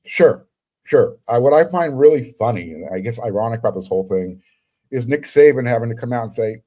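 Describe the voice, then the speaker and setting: A man with a warm, mellow voice co-hosts a sports podcast. He talks through things with a wry, sardonic edge. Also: mid-range voice, lively intonation, fairly quick. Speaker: podcast co-host. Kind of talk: casual sports talk.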